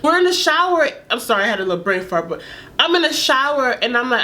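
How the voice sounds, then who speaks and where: A woman's voice: sits high, fast talker. Young woman telling a candid story. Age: young adult. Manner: candid, animated, laughs and whispers at moments. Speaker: vlogger. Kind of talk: storytime vlog.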